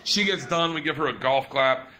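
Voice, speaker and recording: Male stand-up comic, lively high voice, rambling crude storytelling, loud room noise. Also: normal speed. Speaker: stand-up comedian.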